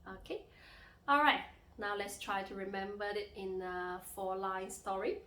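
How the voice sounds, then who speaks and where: A young woman tutor gives a language lesson at a slow, careful pace. Her voice is bright and tense, and she draws out vowels to demonstrate tones. The recording has noticeable room echo. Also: mid-range voice, fairly even intonation. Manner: demonstrates tones with long drawn-out sung vowels. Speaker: Mandarin and Cantonese tutor.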